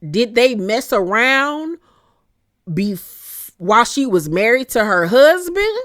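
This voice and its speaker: A young adult woman giving casual, profane commentary that recaps a reality show, blunt and animated, with plenty of slang and asides. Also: fairly high pitch, slow, dry recording, studio quality. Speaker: recap vlogger.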